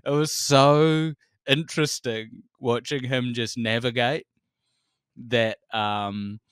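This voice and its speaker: A man in his forties with a New Zealand accent, a comedian telling stories as a podcast guest, animated, laughing often and swearing freely. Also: medium pitch, takes it slowly, smooth, no echo, studio quality. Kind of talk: casual conversation.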